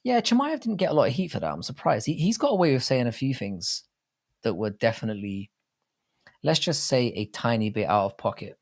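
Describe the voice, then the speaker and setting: A man's voice: mid-range voice, big pitch swings, fairly quick. Over-enunciating male livestream host. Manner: over-enunciates, crude joking banter. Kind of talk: casual live chat, reading viewer comments aloud.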